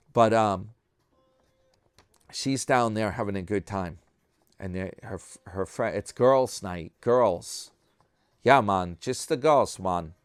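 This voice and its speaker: A man from New York chats to his subscribers in a slow, unhurried way, drifting from story to story and poking fun at himself. His voice is smooth and a little low, recorded dry and close. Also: dry recording. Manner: rambling, self-mocking, talking to subscribers. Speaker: vlogger host. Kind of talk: casual chat.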